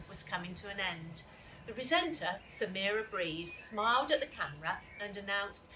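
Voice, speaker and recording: A woman reading a children's storybook aloud, lively and expressive. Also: medium pitch, normal speed. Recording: distant mic with steady hiss.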